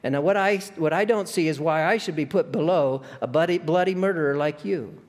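A grumbling ghost of a working man insists on his rights in rough, ungrammatical speech, voiced by a man. His tone is indignant and self-pitying. A long hall echo trails behind each line. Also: fairly high pitch, fairly quick, voice pushed up, natural voice. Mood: aggrieved. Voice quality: blustering, rough working-class grammar. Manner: indignant and complaining.

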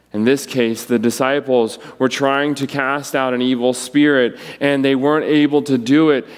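A man preaching a sermon, acting out the quoted voices with wide swings in pitch. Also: big-room sound. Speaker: pastor.

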